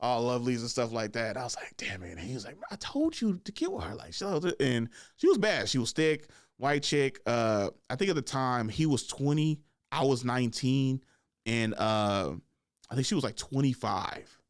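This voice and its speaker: A man in his thirties tells a story on his own podcast, loose and chatty, breaking into laughs and tagging his sentences with "right?". His voice sits in an ordinary middle pitch. The sound is dry and close, with no room echo. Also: moderate pace. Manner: laughs often, fills with "like" and "right?". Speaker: podcast host. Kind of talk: casual storytelling.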